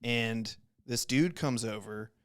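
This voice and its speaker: A young man, a Navy corpsman and podcast guest, telling a story in a casual, animated way, full of swearing and acted-out quotes. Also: medium pitch, takes it slowly, clean tone. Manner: profane, animated, acts out quoted voices.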